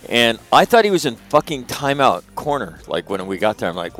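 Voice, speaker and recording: A middle-aged man from Northern California hosting a radio show, telling a long, rambling, profane story with lively quoted asides. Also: medium pitch, a little fast, soft background music. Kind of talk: casual storytelling monologue.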